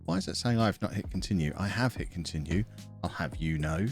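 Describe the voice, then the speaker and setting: A man's voice: low voice, a little fast, soft background music. A man streaming a football game with friends, playful and self-mocking in casual banter.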